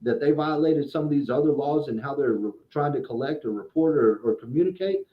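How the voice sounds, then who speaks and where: A man talks through credit repair in an easy podcast chat, his voice sitting a little high for a man. He often restarts phrases and repeats words as he builds his point. The sound is dull and lo-fi, with a roomy echo around him. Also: brisk. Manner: explanatory, restarts and repeats words, acts out quoted exchanges.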